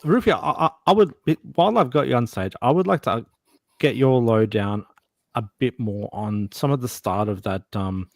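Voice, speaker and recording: A man's voice: mid-range voice, lively intonation, normal speed, vocal fry, no room sound. A man hosting a casual online chat, asking guests lots of questions and often repeating his words as he restarts. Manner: chatty, stammers and repeats words, asks many questions. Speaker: host of live online chat.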